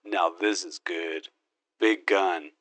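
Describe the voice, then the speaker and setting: A man's voice: fairly low pitch, sing-song, takes it slowly, vocal fry, fairly bright tone, no echo, full character voice. A man voicing a cocky, gun-loving male space marine hero who brags, wisecracks and makes his own gun sound effects in an in-character game monologue.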